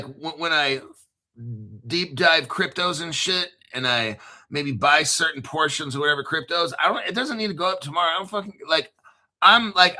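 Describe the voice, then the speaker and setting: A man's voice: on the high side, bright, forceful tone. A man in his fifties hosting a crypto video, ranting casually in a blunt, profane, combative way and repeating himself for emphasis.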